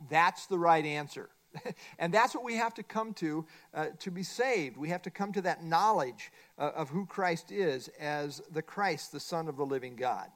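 A middle-aged man leads a Bible study lesson, walking his class through a workbook page by page. His voice sits a little high for a man, and he presses hard on his main points, saying them again and again. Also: expressive, normal speed, a bit bright. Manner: emphatic, repeats key points. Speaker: Bible teacher.

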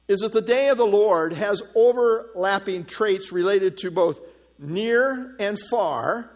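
A man with a fairly high voice preaches an expository sermon. He teaches earnestly, reads scripture aloud and drops in informal asides. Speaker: pastor.

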